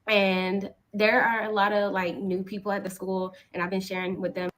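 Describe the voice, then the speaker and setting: A woman's voice: mid-range voice, level tone, moderate pace, a bit bright, low-quality recording. A woman who is a teacher, vlogging casually from her apartment with a chatty, rambling manner full of ums and likes. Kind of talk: casual vlog to camera. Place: apartment, indoors.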